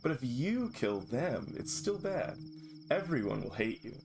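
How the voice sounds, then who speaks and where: A man's voice: mid-range voice, big pitch swings, measured pace, background noise. A man reading a game character's lines, putting on a stern townsperson who warns a young outcast not to get into fights. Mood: stern, warning. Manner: earnest, warning tone. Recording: game music playing behind.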